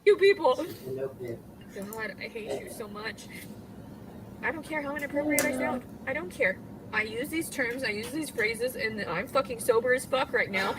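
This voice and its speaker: A woman with a high voice on a livestream. She talks in an agitated, pleading way and swears a lot. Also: expressive, brisk, noisy background. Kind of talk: emotional livestream rant. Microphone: computer mic on a livestream.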